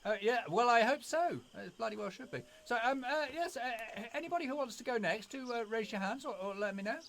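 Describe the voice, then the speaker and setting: A man reading a spooky story aloud in a dramatic, expressive way. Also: very high-pitched, brisk, vocal fry, slight background noise.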